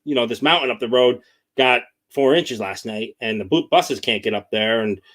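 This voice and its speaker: A man's voice: mid-range voice, moderate pace, a bit bright. A man with a New York accent, hosting a casual live chat about excavating and telling rambling stories. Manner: rambling storyteller, drops into voices of other people. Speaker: excavation channel host.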